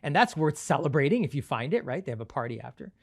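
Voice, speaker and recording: A man pastor telling a story in a sermon, animated, with frequent light laughs. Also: a little high, fast talker, vocal fry. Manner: animated, laughs often, acts out quotes.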